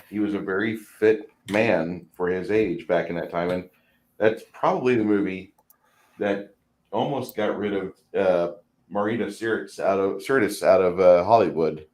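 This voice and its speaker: A man's voice: low voice, a little mellow, a little hiss or hum. A man hosting a casual stream, chatting while painting miniatures, rambling and often repeating words. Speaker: stream host. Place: home.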